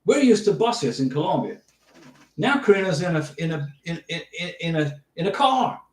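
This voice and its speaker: A man's voice: a little high, sing-song, normal speed. A man hosting a casual livestream Q&A, talking chattily, repeating himself and giving emphatic step-by-step instructions. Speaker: livestream host answering viewer questions. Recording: roomy echo, distant from the mic.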